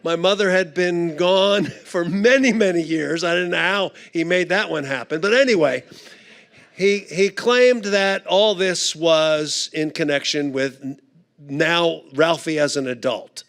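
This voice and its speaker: A man, a guest speaker at a church conference, telling a humorous story in an unhurried, anecdotal way with frequent "uh" fillers. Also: a little high, a bit bright.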